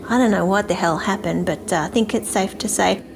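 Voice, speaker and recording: A woman's voice: mid-range voice, brisk, creaky, noisy background. A woman in her forties with an Australian accent, telling a strange personal story from her childhood. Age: 40s. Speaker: listener sending in a story.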